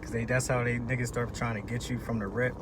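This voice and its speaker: A man co-hosting a podcast in casual chat, telling stories in animated, profane slang. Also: mid-range voice, quick pace. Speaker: podcast co-host. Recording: noisy background.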